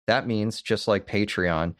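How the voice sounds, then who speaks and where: A male podcast co-host talks in casual, animated chat and swears freely. His voice sits a little low. The sound is dry and close. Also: a little slow, no room sound. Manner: animated, profane storytelling.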